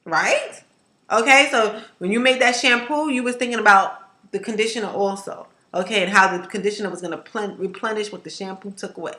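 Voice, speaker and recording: A woman hair vlogger chatting to camera in an emphatic, animated way, ranting and repeating herself for effect. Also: medium pitch, fairly quick. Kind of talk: casual to-camera chat. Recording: echoey room.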